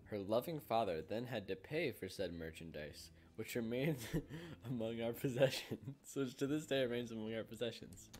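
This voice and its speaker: A man's voice: medium pitch, lively intonation, moderate pace, a little mellow. A young man hosting a let's play, reading a dating game's text aloud in a casual way and laughing often. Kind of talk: casual gameplay commentary.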